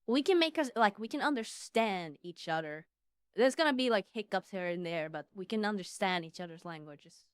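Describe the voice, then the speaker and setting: A woman's voice: mid-range voice, expressive, moderate pace, smooth, dry recording, studio quality. A woman, chatting casually and playfully explaining her language. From Sweden. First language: Swedish. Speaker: co-streamer. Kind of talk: casual chat.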